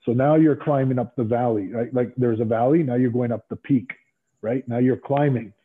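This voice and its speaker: A former pro wrestler as an interview guest, telling rambling stories in casual chat with lots of fillers and restarts, heard over a tinny phone-like line. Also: male voice, medium pitch, steady tone, moderate pace, slight background noise. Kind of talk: casual storytelling.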